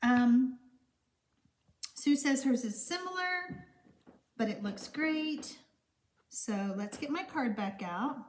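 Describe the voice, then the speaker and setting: A woman's voice: sits high, animated, slow pace, long pauses. A woman with a Texan accent hosting a chatty card-making live stream, gushing and rambling as she reads viewer comments. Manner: warm, gushing, rambling with fillers.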